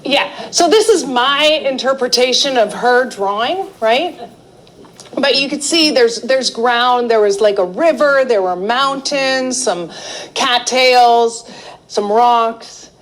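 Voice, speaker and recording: Slow, chatty woman teaching a class. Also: on the high side, rough recording. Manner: chatty, animated storytelling with frequent laughs. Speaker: art therapy instructor. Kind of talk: live teaching with personal anecdote. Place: indoor class or seminar room.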